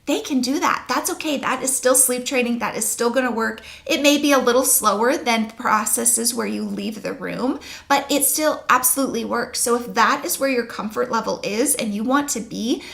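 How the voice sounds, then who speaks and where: A woman's voice: a little high, moderate pace, creaky, hardly any pauses, fairly bright tone. A young adult woman working as a sleep consultant, giving earnest, reassuring parenting advice to camera. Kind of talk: talking-head advice video.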